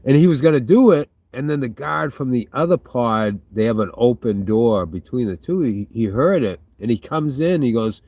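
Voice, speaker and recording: A man's voice: medium pitch, normal speed, darkish tone, no echo. A man chatting casually to his viewers, swearing freely, trailing off and restarting, with a smoker's cough now and then. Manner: smoker's cough between sentences. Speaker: vlogger answering viewer questions.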